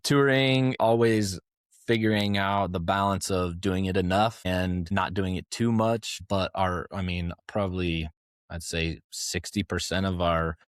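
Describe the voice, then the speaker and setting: A man's voice: sits low, steady tone, measured pace, smooth, no room sound, studio quality. A man talking candidly as a podcast guest, a touring family musician rambling through stories with many restarts. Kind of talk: casual podcast conversation.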